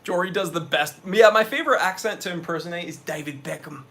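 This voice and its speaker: A young New England man hosts a casual live stream, chatting loosely and reading viewer comments aloud as he answers them. He talks fast in a high-pitched, sharp voice.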